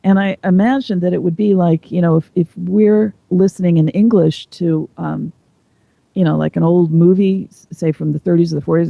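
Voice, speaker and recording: A woman's voice: lowish voice, fairly even intonation, moderate pace, gravelly, no echo, lo-fi sound. A woman speaking as an interview guest, explaining at length in a thoughtful, conversational way. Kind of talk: casual interview chat.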